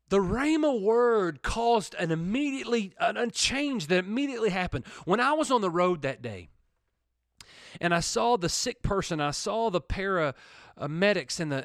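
A man preaching a sermon, animated and building emphasis with repeated words. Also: high-pitched, no room sound, clean studio sound. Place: church or studio program.

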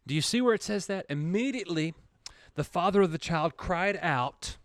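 A man preaching a sermon, animated and building emphasis with repeated words. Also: high-pitched, normal speed, dry recording, clean studio sound. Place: church or studio program.

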